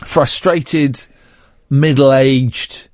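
A man's voice: medium pitch, fairly even intonation, drawn-out words, darkish tone, no echo, studio quality. A man hosting a radio show, bantering with a co-host in teasing, mock-outraged rants. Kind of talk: casual on-air banter.

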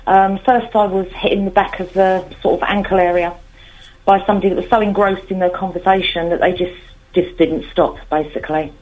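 A woman's voice: mid-range voice, fairly even intonation, brisk, darkish tone, muffled recording. A woman caller on a radio phone-in, speaking hesitantly with many fillers.

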